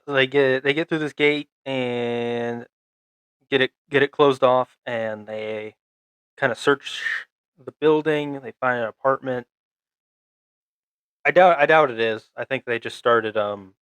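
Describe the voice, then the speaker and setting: A young man co-hosting a podcast, recapping a show in a halting, rambling way full of fillers and restarts. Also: medium pitch, a bit bright, clean tone, no echo. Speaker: podcast co-host.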